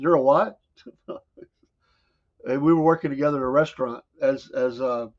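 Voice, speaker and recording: A man's voice: medium pitch, lo-fi sound. A man with a Southern US accent hosting a morning talk show, delivering an emphatic, combative monologue and laughing at his own jokes.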